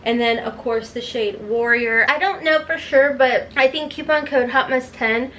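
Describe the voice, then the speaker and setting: A middle-aged woman talks through her makeup routine in a loose, chatty way, wandering off into little stories and asides. Her voice sits a touch high, with a faint hiss underneath. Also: moderate pace, pushed and bright, rough recording. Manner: chatty and rambling, playful asides. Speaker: beauty vlogger. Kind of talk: casual makeup tutorial chat.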